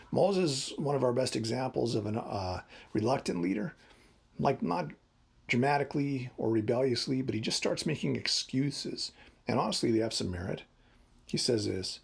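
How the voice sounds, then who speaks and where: Gravelly, husky preacher in his fifties. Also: medium pitch, expressive, normal speed. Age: 50s. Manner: conversational, wry and humorous. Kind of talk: devotional talk.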